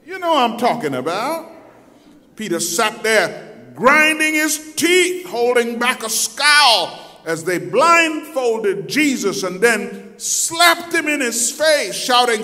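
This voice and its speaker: Slow, bright-voiced man preaching in reverberant church. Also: extremely high pitch, very animated. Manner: dramatic storytelling preacher, acts out voices; swings from loud to soft. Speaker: pastor. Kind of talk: sermon. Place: church sanctuary. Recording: long hall reverb.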